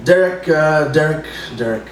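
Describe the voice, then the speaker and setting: A man's voice: fairly high pitch, moderate pace. A man reading comic poems at an open mic, hesitant with many fillers between verses. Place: bar open mic room. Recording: roomy, distant mic, faint noise.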